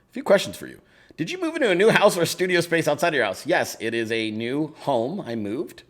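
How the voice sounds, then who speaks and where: A man's voice: on the high side, sharp tone. A man hosting a casual chat show, reading viewer emails aloud and answering them in a loose, profane, laughing way.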